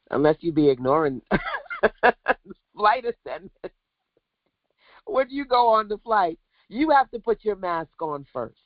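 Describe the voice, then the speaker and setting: A woman business coach on a livestream, talking in an animated, preachy way straight to her viewers. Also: mid-range voice, no echo, lo-fi sound.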